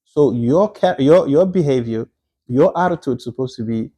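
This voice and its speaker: A man delivers a religious history lecture at an ordinary, mid-range pitch, his voice mellow and dark. He talks conversationally, restarting phrases, exclaiming often, and quoting Arabic scripture along the way. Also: lively intonation, normal speed. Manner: slips into quoted Arabic phrases. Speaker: Islamic teacher. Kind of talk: recorded Islamic history lecture.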